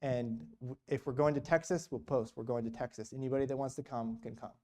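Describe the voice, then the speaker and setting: A man's voice: mid-range voice, fairly even intonation, brisk, a little mellow. A man speaking as a missionary guest at a church, telling a story in a casual, rambling way with lots of retold conversation. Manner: rambling, retells conversations with many quotes.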